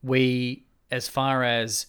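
A man's voice: mid-range voice, flat delivery, very slow, fairly bright tone, smooth. A man in casual conversation, arguing and speculating in long run-on points. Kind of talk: casual chat.

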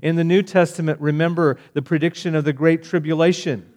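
A man preaching a sermon, swinging between loud emphatic declarations and hushed, gentle appeals. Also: fairly high pitch, fairly even intonation, brisk.

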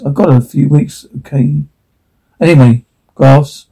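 Husky, dark-voiced man reading a script. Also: a little high, measured pace. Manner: plain reading with stage directions, stumbles over words. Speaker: reader of a TV episode transcript. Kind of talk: reading a script aloud, all parts.

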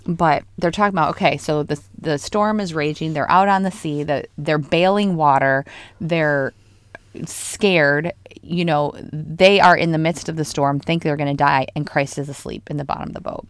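A woman with a slightly low voice co-hosts a casual faith podcast. She talks in an animated, lively way, jumping into retold stories. The recording is dry and close. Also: normal speed, clear, resonant tone, no echo. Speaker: podcast co-host.

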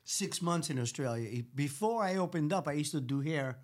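A man's voice: a little high, animated, moderate pace. A middle-aged man with a New York Italian accent, a hair stylist telling a story in a brash, profane way and acting out the people he quotes. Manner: brash, profane, acts out quotes with big voices. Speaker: celebrity hair stylist guest. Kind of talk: animated storytelling.

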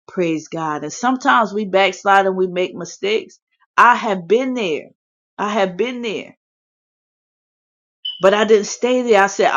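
A woman's voice: on the low side, fairly bright tone. Woman preaching fervently over a phone app, lots of hallelujahs, muffled lo-fi sound. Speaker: prayer leader hosting a faith chat room. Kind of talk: impassioned preaching and prayer. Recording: dull lo-fi phone audio.

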